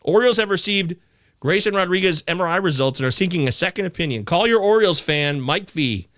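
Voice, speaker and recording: A man hosting a live fantasy baseball chat show, reading viewer comments aloud with excitable, casually profane banter. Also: sits high, fast talker, no room sound, studio quality. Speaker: fantasy baseball podcast host.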